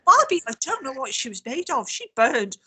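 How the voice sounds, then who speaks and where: A woman chatting casually on a video call, telling lively stories and swearing freely. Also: high-pitched, moderate pace, low-quality recording. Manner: animated storytelling, swears freely. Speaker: co-host.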